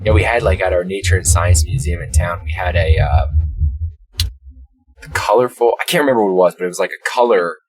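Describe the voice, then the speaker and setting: A male podcast host in his thirties talks casually, and his stories wander along. His voice sits very low, and he laughs easily as he goes. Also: brisk, soft background music. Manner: rambling, laughs easily, many fillers. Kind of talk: casual chat, storytelling.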